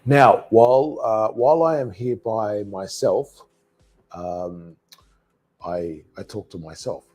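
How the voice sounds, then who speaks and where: A male English teacher in a live online class, talking alone and repeating phrases for learners to copy. He speaks slowly in a low, mellow voice with a husky edge. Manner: slow, repeats phrases for pronunciation practice.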